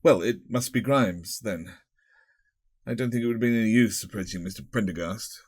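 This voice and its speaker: A man's voice: lowish voice, normal speed, no echo, studio quality. A man voicing a polite, awkward young schoolmaster who stammers.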